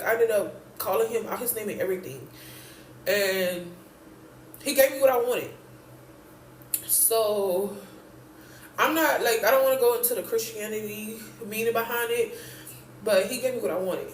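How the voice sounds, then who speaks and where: A woman's voice: fairly high pitch, slight background noise. A young woman from Texas, out of breath and hurting, telling her own story in a blunt, profane, emotional way. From Houston, Texas. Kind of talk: candid story time. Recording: echoey room, voice from a distance.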